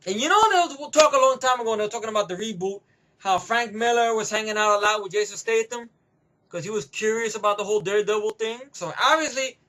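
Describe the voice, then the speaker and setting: A man's voice: sits high, fairly bright tone. A man giving a rambling, profane movie review rant, heavy on emphatic opinions.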